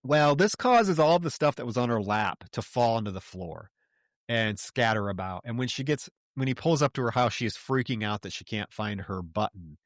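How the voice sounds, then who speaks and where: A man co-hosting a podcast, retelling a movie in casual, profane, animated chat. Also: medium pitch, normal speed, dry recording, clean studio sound. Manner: animated, profane storytelling with laughs. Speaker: podcast co-host. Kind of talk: casual chat recapping a film.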